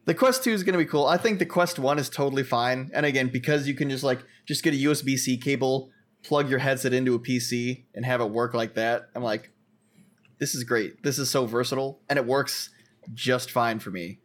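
A man's voice: medium pitch, brisk. A young man co-hosting a podcast, chatting casually and explaining things in eager detail. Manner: enthusiastic, explains gear in detail. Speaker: podcast co-host. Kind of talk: casual chat.

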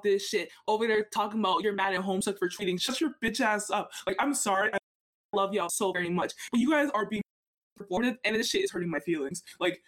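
A woman co-hosting a casual podcast, talking in a heated, emphatic rant full of profanity. Her pitch sits in the middle for a woman. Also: quick pace. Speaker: podcast co-host.

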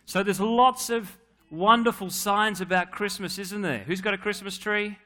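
A man's voice: sits high, moderate pace, pushed and bright, slight background noise. A man leading a playful, joking children's talk at a church service, coaxing kids to answer.

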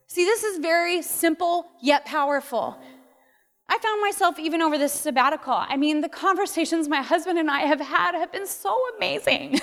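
A woman, middle-aged, preaching a heartfelt sermon with laughter and moments of tears. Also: extremely high pitch. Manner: heartfelt, tearful at times, laughs often. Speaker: pastor. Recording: long hall reverb with soft music.

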